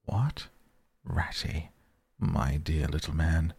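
A man voicing a gruff but paternal old male badger. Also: very deep voice, fairly even intonation, a little slow, darkish tone, no echo, exaggerated voice. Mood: warm.

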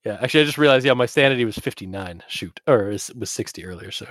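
Halting man playing a tabletop game. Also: fairly low pitch, lively intonation, a bit bright, no echo, studio quality. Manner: halting, stumbling over words. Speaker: player. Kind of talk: casual tabletop game chat.

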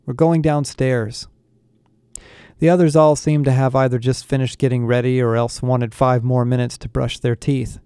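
Smooth mellow male storyteller. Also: mid-range voice, a little fast, few pauses, no echo, clean studio sound. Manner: steady storytelling delivery. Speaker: audiobook narrator. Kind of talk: first-person story narration.

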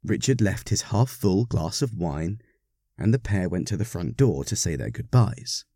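A man reading a story aloud, narrating in an expressive, wry manner. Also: fairly low pitch, moderate pace, creaky, no room sound, clean studio sound.

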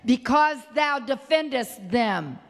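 An older woman with a high voice delivers a homey, animated sermon at an unhurried pace. She bursts into sudden high exclamations between stretches of easy talk. The sound carries a long reverb, like a big hall. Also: vocal fry. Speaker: preacher.

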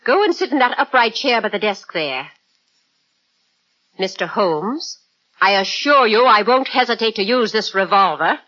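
A woman's voice: on the high side, expressive, moderate pace, pushed and bright. An actress playing a gushing society lady who turns out to be an armed villain, in a radio drama. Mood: menacing. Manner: gushing and giggly, then cold and menacing. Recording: dull lo-fi radio recording.

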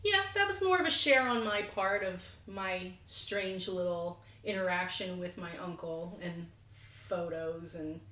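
A young woman with a bright, clear voice, chatting casually as a podcast co-host. She rambles through stories and laughs at herself. The room around her rings a little. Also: mid-range voice, measured pace. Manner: rambling, self-deprecating, laughs often. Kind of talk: casual chat. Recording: echoey room.

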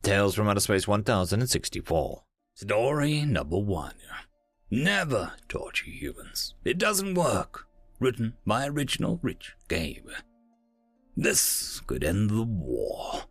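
Gravelly, animated male story narrator. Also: fairly low pitch, a little slow, dry recording, soft background music.

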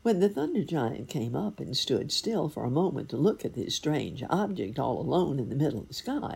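A woman narrating a fairy tale in an expressive, lively storytelling manner. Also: deep voice, moderate pace, gravelly, hardly any pauses, breathy edge.

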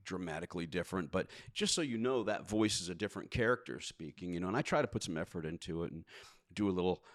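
Animated man, low-pitched, laughing storyteller. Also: fast talker. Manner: animated, laughing, slips into put-on voices. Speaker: audiobook narrator. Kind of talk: casual chat, storytelling.

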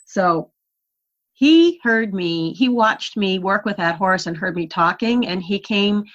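A woman recounting her early riding days as an interview guest. She tells the story in an animated, unhurried way, her voice rising and falling with the tale. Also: mid-range voice, lo-fi sound. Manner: animated storyteller, laughs while recalling. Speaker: interview guest, horse rider.

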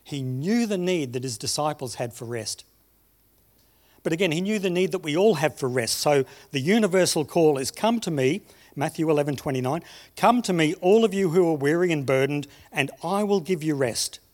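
A man preaching a sermon, telling stories and slowing down on key phrases. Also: a little high, lively intonation, darkish tone. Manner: storytelling, slows down for emphasis. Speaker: pastor.

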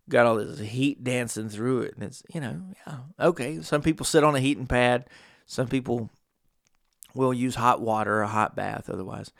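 Gravelly man rambling through a story. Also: medium pitch, a bit bright, dry recording, clean studio sound. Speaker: podcast host. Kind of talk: casual monologue.

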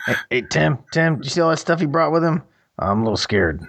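Fields: a man playing a gorilla, male. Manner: folksy, stammering, unsure. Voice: gravelly, mid pitch. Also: lively intonation, fast talker, a bit bright. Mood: nervous. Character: nervous folksy gorilla man wanting to dance.

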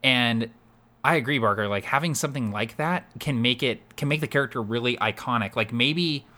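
Bright-sounding guy rambling casually about game voices, lots of likes and ums. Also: medium pitch, brisk. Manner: animated, rambling, full of fillers. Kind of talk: casual chat about voicing game characters.

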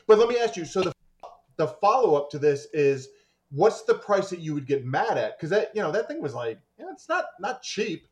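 A man joining a casual podcast chat, who talks haltingly and restarts often. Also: on the high side, a little mellow.

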